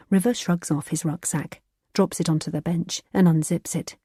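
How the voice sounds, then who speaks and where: A woman narrating a thriller audiobook in a measured, even storytelling manner. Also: lowish voice, breathy edge, dry recording, studio quality.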